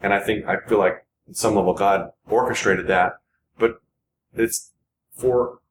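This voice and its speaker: A man in his forties, a podcast guest, talking earnestly in a rambling, halting way full of restarts. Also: fairly low pitch. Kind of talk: casual podcast conversation. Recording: echoey room with noticeable background noise.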